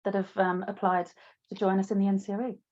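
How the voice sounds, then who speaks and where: A woman speaking as a panel guest, talking in a steady, measured corporate way. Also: mid-range voice, lo-fi sound. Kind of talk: panel interview.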